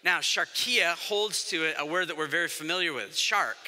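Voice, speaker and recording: A man's voice: fairly high pitch, moderate pace, sharp tone. A man preaching a sermon to a congregation, conversational and joking, acting out quotes in different voices. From grew up by the ocean. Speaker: pastor. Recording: long hall reverb.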